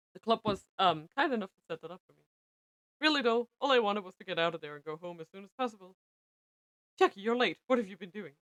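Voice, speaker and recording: A young woman streaming, reading a visual novel aloud with expressive narration. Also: mid-range voice, no echo, dull audio. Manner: expressive narration, breaks into laughter.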